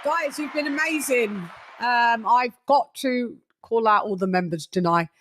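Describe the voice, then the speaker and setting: A woman hosting a boxing talk stream, chatting casually and giving loud shout-outs, swearing freely. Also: a little high, measured pace. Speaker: boxing channel host. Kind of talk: casual livestream chat.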